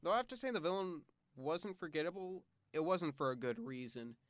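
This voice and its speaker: Young man with a smooth voice reviewing a film. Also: on the high side, lively intonation, fairly quick, dry recording, clean studio sound. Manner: blunt and dismissive, with frequent filler words. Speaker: podcast host. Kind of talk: casual movie review.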